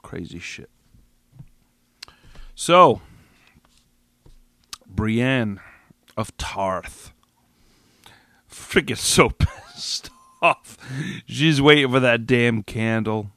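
A man's voice: mid-range voice, lively intonation, drawn-out words, long pauses, a bit bright, no echo. A man hosting a podcast, reacting alone to a TV finale in an agitated, profane, rambling way with many restarts, a little tipsy. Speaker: podcast host. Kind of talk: solo episode reaction rant.

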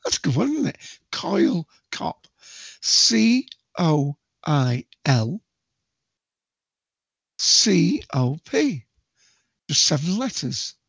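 A man hosting a solo podcast quiz in a chatty way, spelling out letters slowly and counting down to each answer. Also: a little high, very animated, gravelly, fairly bright tone, husky, no echo, dull audio. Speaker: quiz host.

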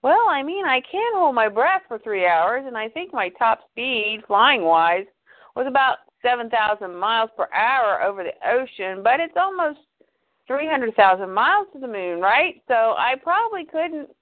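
A woman's voice: a little high, sing-song, normal speed. A woman reading aloud the lines of a modest, joking young male hero, in her plain voice over a phone-like line.

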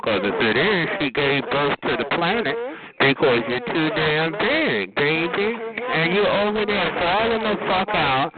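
A man on a phone chat line, mockingly roasting another caller in a sing-song voice and calling him honey and baby. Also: high-pitched. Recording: tinny phone line with crowded chatter.

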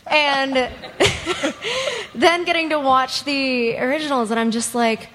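A woman from a convention audience telling a personal story, candid, blunt and quick to giggle. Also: high-pitched, animated, a bit bright. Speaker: audience member at a fan panel. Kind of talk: personal story told to a panel. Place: convention panel room. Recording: long hall reverb at a convention panel.

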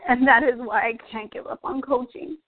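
This young fitness coach's voice is fairly high and fairly even, moving at a moderate pace as she recounts her personal story. Breathless, earnest and emotional, she fills her speech with "like" and "um", and the recording sounds tinny, like a phone.

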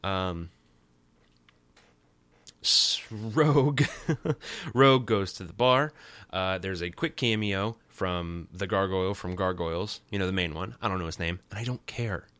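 A low-pitched man hosts a podcast in a loose, rambling recap style. His tone is forceful and crisp, with wry, sarcastic asides. The recording is close and dry. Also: measured pace, dry recording. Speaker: podcast host. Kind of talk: casual comic recap.

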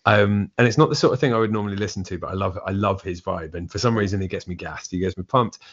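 A man's voice: sits low, fast, a bit bright, lo-fi sound. A man from England, near Essex, with an English accent, chatting loosely as a podcast guest and rambling with lots of restarts. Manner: rambling, frequent restarts and filler "like". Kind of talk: casual storytelling chat.

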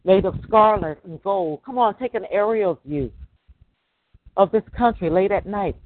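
A man's voice: sits high, a little slow, no room sound. A middle-aged man, a podcast host, giving a preachy religious monologue full of rhetorical questions. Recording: dry, tinny phone-line sound.

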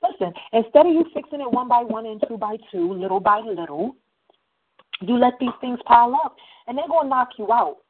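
A woman's voice: a little high, lively intonation, brisk, husky. Casting: chatty radio host woman, slangy storyteller, thin phone-like audio. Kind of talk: casual monologue. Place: New Jersey.

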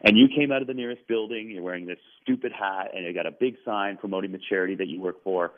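Man, deep voice, animated storytelling, tinny phone-like sound. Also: fast. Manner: animated, quoting others at length. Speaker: guest storyteller. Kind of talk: telling a story in a radio interview.

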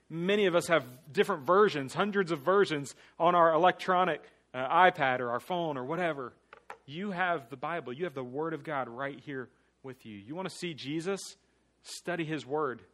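A man preaching a guest sermon to a congregation, shifting between hushed earnest appeals and loud rallying calls, with playful jokey asides. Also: on the high side. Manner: swings from hushed earnest pleading to loud rallying call-and-response.

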